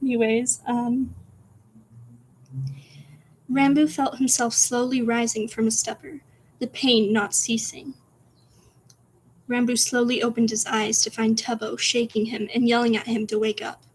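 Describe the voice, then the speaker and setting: Female streamer, story read-aloud, hushed and whispery, chatty giggling asides. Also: on the high side, level tone, unhurried, pauses often, a little hiss or hum. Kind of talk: reading her own story aloud on stream.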